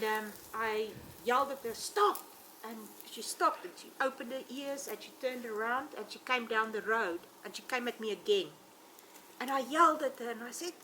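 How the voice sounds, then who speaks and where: A woman, a safari ranger, telling animated stories with frequent ums. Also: fairly high pitch, a little hiss or hum. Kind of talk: telling anecdotes in an interview.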